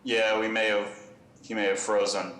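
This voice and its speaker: A man with a fairly low voice clarifies questions for a petitioner in plain, simple terms. The sound has a lot of echo. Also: level tone, normal speed, a bit bright. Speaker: commission staff member. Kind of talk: public hearing clarification.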